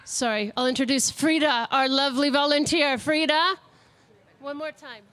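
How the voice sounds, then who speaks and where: A woman's voice: high-pitched, steady tone, moderate pace, a bit bright. A woman hosting a word game at an outdoor live radio broadcast, playful and upbeat. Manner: playful and upbeat, laughs often.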